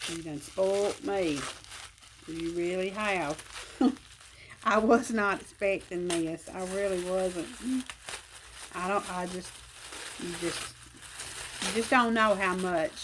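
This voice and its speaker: Woman vlogger, unhurried drawl, folksy and touched, faint hiss behind. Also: lowish voice. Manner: warm, emotional, slow and drawling with folksy grammar. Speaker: crochet vlogger. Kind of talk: casual unboxing chat.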